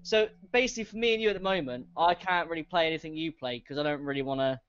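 A man co-hosting a podcast in casual chat, talking in a halting, frank way with many restarts. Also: a little high, fairly bright tone, clear, resonant tone, muffled recording. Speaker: podcast co-host.

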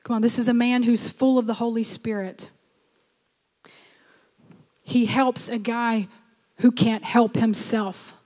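A woman's voice: a little high, flat delivery, takes it slowly, long pauses, darkish tone, big-room sound. A woman pastor preaching a sermon, exhorting her listeners and urging them on. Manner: exhorting, repeats "come on".

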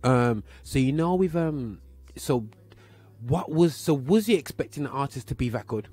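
A man's voice: mid-range voice, animated, moderate pace, dark tone, slightly rough, dry recording. A man with a Birmingham accent hosting a gospel show, chatting casually in a rambling, slangy way that is full of filler phrases. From Birmingham, England. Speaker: show host.

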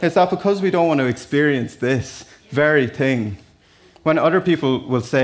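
A man's voice: fairly high pitch, normal speed, slight background noise. An Irish man preaching a sermon in a church, talking to the congregation in a conversational, storytelling way with asides. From Ireland. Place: church hall.

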